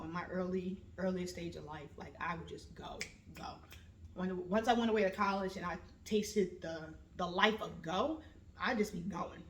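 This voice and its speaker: Woman telling stories in a roomy echo. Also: mid-range voice. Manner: lively storytelling, slips into voices when quoting family. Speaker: vlog host. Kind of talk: casual personal monologue.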